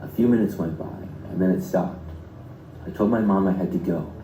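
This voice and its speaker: Man, very deep voice, very dark and mellow tone, scripted horror narration, roomy echo. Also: normal speed, slight background noise. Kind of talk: scripted first-person narration.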